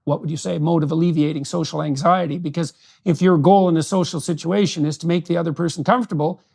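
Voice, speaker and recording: Male host, former professor, high voice with gravel, analytical and measured. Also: steady tone, a little mellow. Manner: thoughtful, analytical, frequent agreeing backchannels. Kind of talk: conversational interview.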